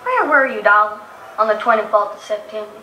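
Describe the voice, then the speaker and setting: Women acting as loud, feuding American neighbor women in a comedy courtroom sketch, with put-on American accents. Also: female voice, mid-range voice, animated, a little fast, roomy sound, lo-fi sound, a little hiss or hum, natural voice. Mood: sassy. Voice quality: loud, over-the-top and sassy.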